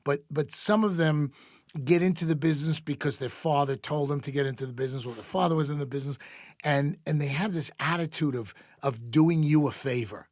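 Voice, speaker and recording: A man's voice: on the high side, a little fast, a little mellow, dry recording, clean studio sound. An older man who works as a financial advisor, a guest on a podcast, giving blunt opinions with some swearing in casual chat.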